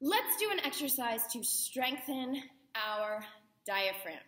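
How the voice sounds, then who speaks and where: Young female drama teacher, upbeat and encouraging, high bright voice for a kids' voice lesson. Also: sing-song, slow pace. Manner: encouraging, demonstrates vocal exercises. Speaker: acting teacher. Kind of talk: voice lesson for kids.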